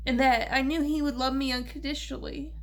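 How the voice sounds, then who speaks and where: A young woman, talking in a personal vlog about her grief, halting and repeating herself, short on sleep. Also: sits high, steady tone. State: grieving, lacking sleep. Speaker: vlogger.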